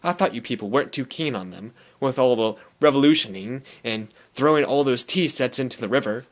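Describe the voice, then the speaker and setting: A man's voice: medium pitch, animated, brisk, natural voice. A man voicing a nervous, chattering nun who works as a nurse in an audiobook reading. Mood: flustered chatter. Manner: nervous, babbling small talk.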